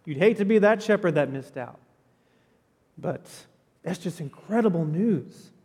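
A pastor giving a sermon in a church, telling the story in a conversational, animated way with casual asides. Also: male voice, fairly high pitch, moderate pace, breathy edge, long reverb tail. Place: church sanctuary.

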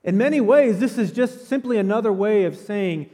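A pastor giving a sermon in a church, telling the story in a conversational, animated way with casual asides. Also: male voice, sits high, moderate pace, hardly any pauses, long reverb tail. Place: church sanctuary.

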